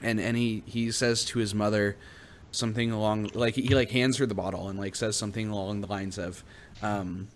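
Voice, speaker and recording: A man's voice: on the low side, steady tone, brisk, slight background noise. A young man narrating as game master in a rambling, filler-heavy way. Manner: rambling, full of fillers and restarts.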